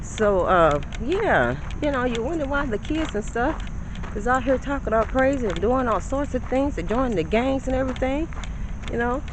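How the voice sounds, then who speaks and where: A woman's voice: a little high, lively intonation, normal speed, noisy background. A woman in her fifties, vlogging from her car on a phone, chatty and lecturing, calling her viewers honey. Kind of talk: casual vlog talk. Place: in a car, parking. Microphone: phone camera.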